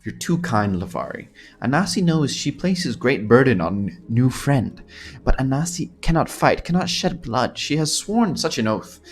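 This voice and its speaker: A man's voice: medium pitch, very animated, takes it slowly, few pauses, fairly bright tone, exaggerated voice. A man voicing a coy, scheming female cat-folk thief who speaks of herself in the third person, coaxing and purring as he reads game dialogue aloud. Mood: wheedling.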